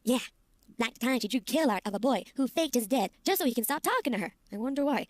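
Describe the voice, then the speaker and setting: A woman's voice: fairly high pitch, expressive, quick pace. A woman with a put-on Southern US accent, speaking through a voice modulator in a commentary video, sarcastic and mocking.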